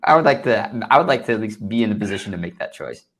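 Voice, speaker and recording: A man's voice: lowish voice, expressive, fast talker. A young man co-hosting a casual podcast, speaking in a laid-back way, often trailing off and restarting his sentences. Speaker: podcast co-host.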